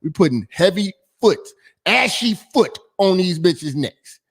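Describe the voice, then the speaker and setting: Animated, high-pitched talk show host. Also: male voice, a little slow, creaky, breathy edge. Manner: hyped, profane, animated. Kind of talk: call-in show hosting.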